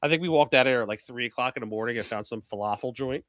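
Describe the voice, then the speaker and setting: A brash man from Philadelphia, telling stories with a loose, profane edge. His voice sits at an ordinary middle pitch. The sound is dry and close, with no room around it. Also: rapid-fire, fairly bright tone, no room sound. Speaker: pool media executive, guest. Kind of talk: casual podcast chat.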